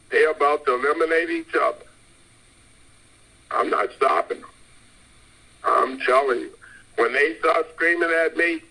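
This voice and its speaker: A man's voice: a little high, a bit bright, husky, poor audio. A man delivering a rambling, emphatic sermon and repeating his points insistently. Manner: emphatic, repetitive, insistent preaching. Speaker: preacher. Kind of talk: street-style sermon.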